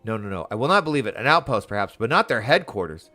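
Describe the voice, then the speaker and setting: A man's voice: fairly low pitch, very animated, quick pace, bright, forceful tone. A man reading aloud the lines of a solemn young woman who leads a sworn order, in a formal, earnest tone over faint game music.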